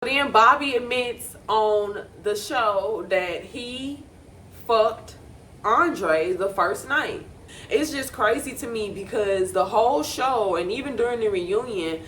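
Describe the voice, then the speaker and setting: A young woman giving blunt, profane, animated commentary on a reality show. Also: a little high, slight background noise. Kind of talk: casual reaction commentary.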